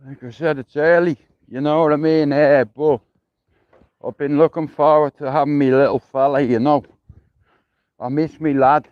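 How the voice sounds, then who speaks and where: A man's voice: on the high side, fairly even intonation, moderate pace, clean tone, no echo, lo-fi sound. A middle-aged man with a Dublin accent chatting casually on a livestream while walking outdoors, rambling and swearing with lots of "you know what I mean". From Ireland. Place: outdoors, walking through a neighbourhood.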